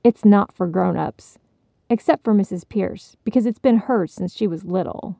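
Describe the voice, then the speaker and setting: An earnest little boy , read by a woman telling a bedtime-style story, speaks in a mellow, slightly gravelly voice with unsure sincerity. The sound is close and dry. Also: medium pitch, normal speed, no room sound. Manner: earnest, uncertain.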